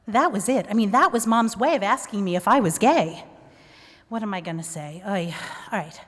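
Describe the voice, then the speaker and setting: A woman telling a personal story on stage, animated and self-mocking. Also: medium pitch, brisk. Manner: animated, self-mocking, acts out quoted voices. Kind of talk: live storytelling. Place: performance venue stage. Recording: live stage with long hall reverb.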